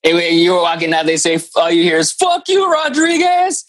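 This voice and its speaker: A man's voice: a little high, monotone, quick pace, a bit bright. A man reacting with short interjections and joking questions as a friend tells a story in a casual podcast chat. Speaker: podcast co-host.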